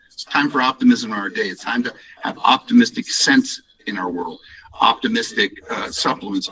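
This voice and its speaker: Heard from a distance on poor audio, a man with a mid-range, sharp-toned voice presents his company's products on a call. His casual business pitch is upbeat and rambling, full of fillers and restarts.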